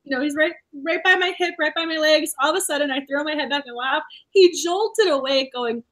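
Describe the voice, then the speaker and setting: A woman co-hosting a casual romance book discussion, animated and laughing often. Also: sits high, fairly quick, few pauses. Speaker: book club co-host.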